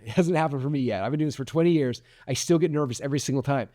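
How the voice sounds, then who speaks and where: Speaking rapid-fire at medium pitch, a podcast host in his forties delivers a chatty, energetic motivational talk. "Like" pops up as a frequent filler.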